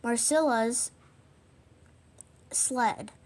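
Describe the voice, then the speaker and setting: A woman's voice: fairly high pitch, very slow, darkish tone. A woman reading the lines of a kind, cheerful girl rag doll in a storybook, in a plain reading voice.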